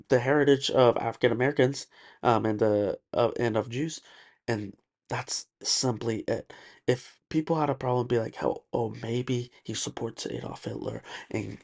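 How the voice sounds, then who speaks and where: A man talks alone on his own podcast, pushing his points hard and circling back with repeated words and fillers. His voice sits at a middling pitch with a strong gravelly edge. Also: a little mellow. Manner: emphatic, ranting, repeats words and uses many fillers. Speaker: podcast host. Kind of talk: solo podcast monologue.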